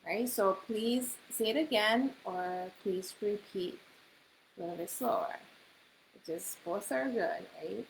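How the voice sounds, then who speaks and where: A woman teaching a Japanese class in English, explaining phrases and repeating them slowly. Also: mid-range voice, vocal fry, rough recording. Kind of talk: online language class. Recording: faint hiss.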